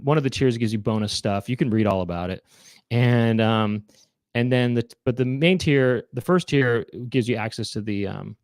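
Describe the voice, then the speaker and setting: A man hosting a live online chat show at a middle pitch, rambling through announcements and correcting himself as he goes. The sound is dry and close. He talks casually. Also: a little mellow, dry recording. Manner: rambling, self-correcting, breaks into silly impressions. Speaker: show host.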